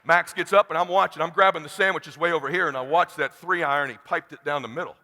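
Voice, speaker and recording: Man, middle-aged, keynote speaker, animated storytelling, sharp bright tone, long hall reverb. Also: fairly high pitch, quick pace. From California, USA. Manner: animated, blunt and profane, acts out dialogue. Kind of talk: motivational talk with personal storytelling. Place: large conference hall.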